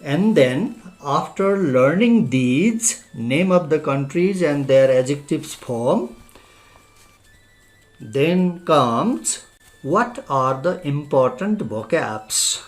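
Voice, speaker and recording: Male English teacher from Nepal, Nepali accent, slow and deliberate, spells each word letter by letter over faint music. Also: on the high side, lively intonation. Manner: spells words out letter by letter, methodical. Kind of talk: spoken language lesson.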